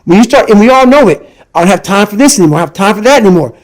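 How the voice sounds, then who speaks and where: A middle-aged man giving an intense motivational talk as a podcast guest, forceful and repetitive in his emphasis. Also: sits high, expressive, racing.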